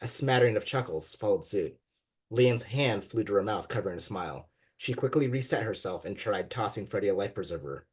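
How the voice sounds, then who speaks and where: Husky-voiced man reading his novel. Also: fairly low pitch, fairly quick. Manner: expressive reading with quoted voices. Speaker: guest author. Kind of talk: reading his fiction aloud. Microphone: video call.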